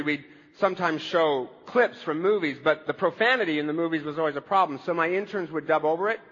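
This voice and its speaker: High-voiced pastor in a reverberant hall. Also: male voice, a bit bright, lo-fi sound. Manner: conversational preaching with humor. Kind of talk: sermon.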